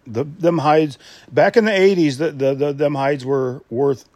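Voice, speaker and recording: A man's voice: a little high, unhurried, darkish tone, no echo. A man hosting a casual podcast, rambling with many restarts and asides. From Michigan. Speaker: podcast host. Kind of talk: casual solo podcast talk.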